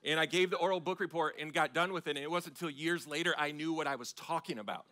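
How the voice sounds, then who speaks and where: Bright, animated pastor. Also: male voice, on the high side, quick pace. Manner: self-mocking, animated storyteller. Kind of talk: storytelling sermon. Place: church sanctuary.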